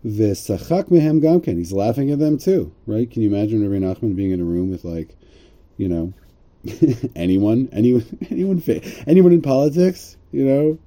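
A man's voice: medium pitch, expressive, moderate pace, dark tone. A man teaching a religious story, reading Hebrew lines and retelling them in casual English with jokey asides. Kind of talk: translating and explaining a story aloud.

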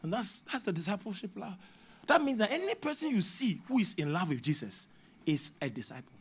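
A man with a Ghanaian English accent preaching a sermon as a prophet, moving between hushed asides and shouted exhortation. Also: high voice, sing-song, brisk, husky.

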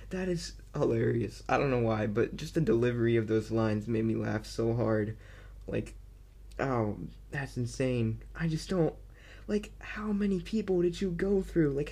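Rambling man reviewing a movie. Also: medium pitch. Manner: rambling and filler-heavy, with frequent restarts; excitable and amused. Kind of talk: casual movie review monologue.

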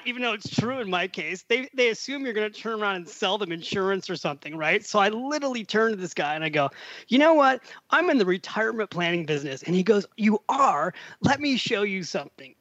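A man's voice: high-pitched, no echo, highs cut off. A middle-aged man, a podcast guest, telling a long story in casual conversation and acting out the quotes. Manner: animated storyteller, acts out quotes.

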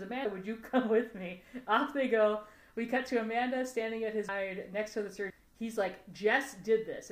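A woman co-hosting a podcast, recapping an episode in casual chat, giggling and acting out the characters' lines. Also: on the high side. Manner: chatty, giggly, acts out characters' lines in quotes. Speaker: podcast co-host. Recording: roomy echo.

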